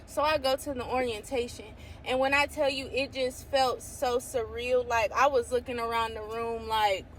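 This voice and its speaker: A woman with a somewhat high voice tells a faith testimony in a casual, excitable way, breaking into exclamations and reading scripture aloud. A faint hum of a vehicle sits behind her. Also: normal speed. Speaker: faith vlogger.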